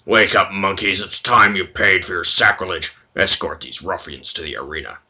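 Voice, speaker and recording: A man doing a low, scornful jailer. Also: steady tone, normal speed, bright, forceful tone, heavily acted.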